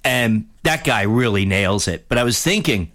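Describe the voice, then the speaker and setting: A male show host in casual chat, halting, with frequent restarts. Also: fairly low pitch, animated, a bit bright.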